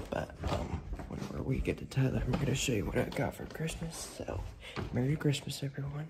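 A man's voice: medium pitch, steady tone, a little fast, heavy background noise. Young man rambling in a casual vlog. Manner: rambling, friendly, lots of fillers. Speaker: vlogger. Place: outdoors at his grandparents' house. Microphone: action camera worn on body.

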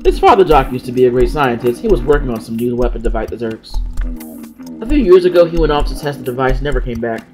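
A man's voice: mid-range voice, fast talker, soft background music, natural voice. A man voicing an earnest, upbeat male robot companion in a video game, talking eagerly. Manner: excited, eager, hopeful.

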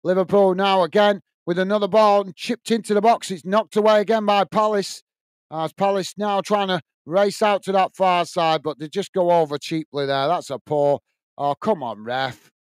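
A man's voice: high-pitched, steady tone, normal speed, dry recording. A man hosting a football watch-along, giving live commentary and chatting with viewers, full of fillers and restarts.

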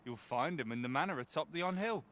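A man's voice: a little high, animated, quick pace, fairly bright tone. An actor playing a courteous male retainer of a lord in a fantasy video game, speaking in a formal, courtly way.

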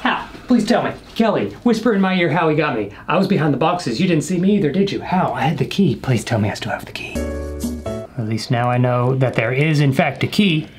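A man's voice: fairly high pitch, animated, fairly quick, over music. A young man casually commenting while playing a horror game, joking with the game and his viewers and sometimes dropping to a whisper. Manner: jokey, talks to the game and viewers, whispers when scared. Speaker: gaming YouTuber.

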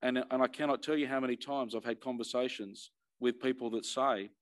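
A man's voice: mid-range voice, fairly even intonation, brisk. A middle-aged man with an Australian accent, an emergency services commissioner giving an earnest personal address, emphatic and often repeating words as he restarts.

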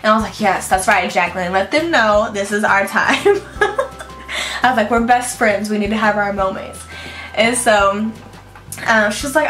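A woman in her late twenties from Houston, a beauty vlogger gushing through an excited story and acting out the voices of the people in it. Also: medium pitch, normal speed, echoey room, faint music behind. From Houston, Texas. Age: 20s. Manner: gushing, animated, acts out voices in quotes.

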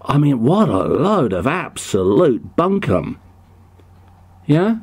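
Male prank caller with a shaky put-on American accent, hesitant and full of ums, pitch jumping around. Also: very animated, slow, darkish tone, breathy edge. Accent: put-on American, poorly done. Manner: hesitant, full of ums and stammers, mock-innocent. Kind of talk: prank phone call.

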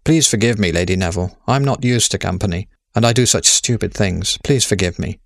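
A man voicing Death as a young woman in a storybook, speaking softly, sweetly and earnestly. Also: on the low side, brisk, gravelly, dry recording, clean studio sound. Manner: soft, earnest, apologetic.

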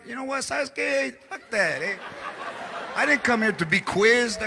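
A man in his forties performing stand-up on a big theater stage, his voice pitched very high with a gravelly edge. He shouts his punchlines. It is a live recording with a crowd clearly audible. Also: animated, unhurried, background noise. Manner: loud, shouting punchlines, acts out drunk characters. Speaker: stand-up comedian. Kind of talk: stand-up comedy routine. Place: large theater stage before a live audience.

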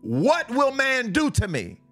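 A man's voice: very high-pitched, wildly swooping pitch, slow, a bit bright, faint music behind. A man preaching and reading scripture on a live stream, fervent, repeating and restarting lines.

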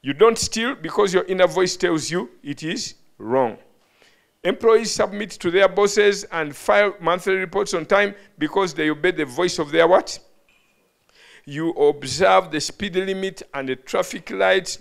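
A man's voice: high voice, gravelly. A man preaching a teaching sermon to a live audience in a hall, often calling questions out to listeners and stumbling over words. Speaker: bishop preaching.

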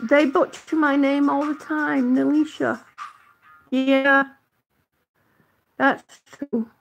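Slow high-pitched middle-aged lady chatting to her stream, a bit out of breath, calls everyone honey. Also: fairly even intonation, gravelly, soft background music. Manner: chatty, affectionate, drawn-out vowels. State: a little out of breath. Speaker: vlogger on oxygen. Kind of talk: live-stream chat with viewers.

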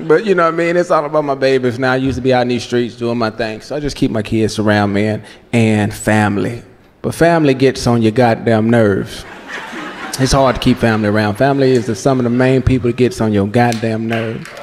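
A man performing a stand-up comedy set, telling profane, animated stories on a club stage before a live audience. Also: mid-range voice, fairly quick. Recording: live club recording with echo, audience laughter and noise.

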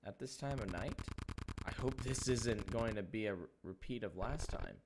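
A man's voice: fairly low pitch, normal speed, close to an everyday voice. A man voicing a curt, sarcastic male friend called in the middle of the night. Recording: clear background noise.

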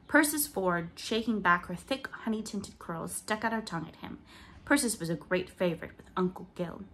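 Woman reading a storybook, low and gentle. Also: moderate pace, slight background noise. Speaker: audiobook reader. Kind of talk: storybook narration.

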